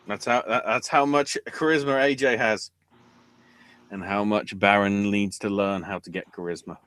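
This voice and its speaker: A man's voice: fairly low pitch, normal speed, sharp tone. Sweary man on a podcast. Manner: sweary, sarcastic, acts out quotes in bursts. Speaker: wrestling podcast host. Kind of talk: casual podcast chat.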